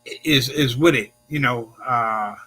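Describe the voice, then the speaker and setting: A man's voice: mid-range voice, measured pace, bright, forceful tone. A male talk show host chatting casually with his guest, rambling with many fillers. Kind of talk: casual interview chat.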